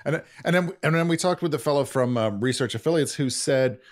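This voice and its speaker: A man's voice: mid-range voice, fairly quick. A man hosting a podcast, explaining things in a chatty, self-deprecating way. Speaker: podcast host. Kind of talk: conversational podcast banter.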